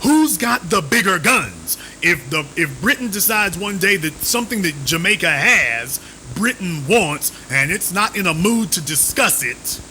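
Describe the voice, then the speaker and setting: Emphatic man with a high, lively voice. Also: unhurried, faint music behind, poor audio. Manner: emphatic, repeats rhetorical questions, sarcastic. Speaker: live-stream host. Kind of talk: commentary.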